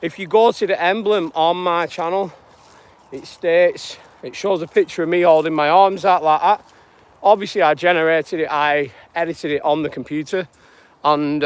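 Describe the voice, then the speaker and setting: A man's voice: a little high, dry recording. Chatty man on a live walk. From northwest England. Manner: chatty, drifts between greeting viewers and spiritual musings. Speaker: live-stream vlogger. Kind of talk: rambling live walk-and-talk. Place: outdoor fields in the morning.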